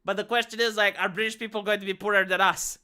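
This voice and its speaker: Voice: mid-range voice, little pitch movement, fast, pushed and bright, clean tone. A live streamer from Romania with a Romanian accent, ranting bluntly and with a lot of swearing in a casual livestream chat.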